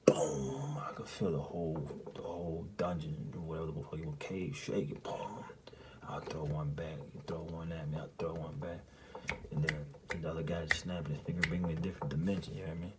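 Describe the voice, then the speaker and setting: A man with a low, deep voice briskly recounts a dream in loose, profanity-laced casual talk, looping back with "you hear me?" every few lines. He often drops into a hushed, breathy half-whisper, over a faint hum of room noise.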